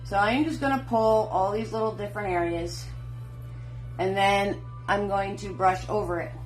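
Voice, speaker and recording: Woman painting teacher, middle-aged, chatty, encouraging, mid pitch, faint music behind. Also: steady tone, moderate pace. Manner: chatty, encouraging, greets viewers by name with endearments. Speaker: painting instructor. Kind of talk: live online painting class.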